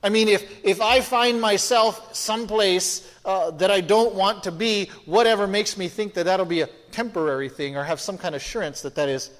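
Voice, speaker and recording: A man's voice: high voice, normal speed, few pauses. Man teaching scripture in a reverberant hall. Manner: conversational, explaining verses and asking questions. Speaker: Bible teacher. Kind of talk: expository Bible teaching.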